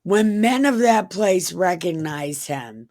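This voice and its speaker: Lady reading the bible w crude jokes, low slow voice. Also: no echo. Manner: deadpan reading with crude joking asides. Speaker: comedic scripture reader. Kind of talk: irreverent comedic Bible reading.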